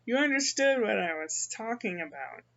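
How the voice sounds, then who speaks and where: An older woman from the American Midwest, rambling through a casual personal monologue with halting restarts. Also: fairly high pitch, very animated, a bit bright, lo-fi sound. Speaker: vlogger.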